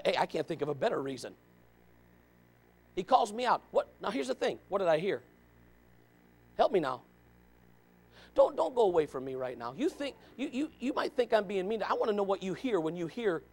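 High-voiced man preaching a lively sermon. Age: 40s. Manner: animated, questioning, swings from loud to quiet. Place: church.

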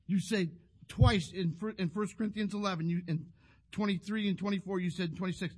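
Husky-voiced preacher telling a story. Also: male voice, high-pitched, steady tone, moderate pace, a little mellow. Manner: storytelling with restarts and repeated words. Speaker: pastor. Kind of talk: sermon.

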